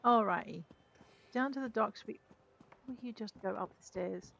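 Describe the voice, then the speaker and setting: This gamer's creaky, somewhat bright mid-range voice moves at a moderate pace as she casually comments on her play. She's self-mocking and talks to the characters directly. A dull lo-fi mic picks her up along with the game's music.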